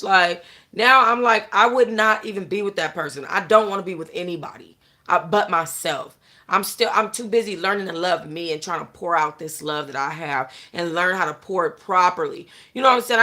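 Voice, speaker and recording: A young adult woman hosts a casual chat, speaking directly to her audience and answering the chat as she bluntly lectures them. She swears a lot and keeps saying "you know what I'm saying". Her voice is medium-pitched and a bit bright.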